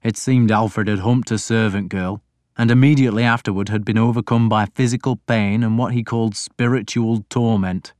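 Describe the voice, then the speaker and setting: A man's voice: lowish voice, fairly even intonation, normal speed, darkish tone, clean tone, no room sound. Dry, close male audiobook narrator. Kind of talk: first-person scripted narration.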